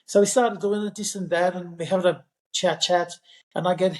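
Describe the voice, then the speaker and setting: A man's voice: high-pitched, steady tone, normal speed, darkish tone, roomy sound. A man, a podcast guest, telling a long casual story in a rambling way, full of fillers like "you know". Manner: rambling anecdote with many fillers. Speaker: podcast guest, parkrun regular.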